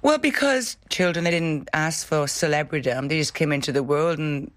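A woman's voice: sits low, moderate pace, no echo. A middle-aged woman, an actress, answering interview questions earnestly and with passion, restarting her sentences at times.

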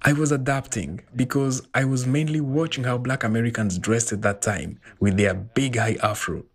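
A man voicing a translated interview, telling his story in an animated way. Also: mid-range voice, normal speed, husky. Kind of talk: voiced-over translation.

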